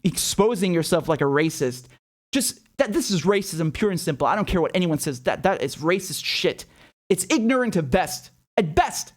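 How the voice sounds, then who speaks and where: Man, political commentator, high-pitched voice, heated, profane, emphatic, mocking rhetorical questions. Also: animated, moderate pace. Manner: heated, profane, emphatic with many repeated words.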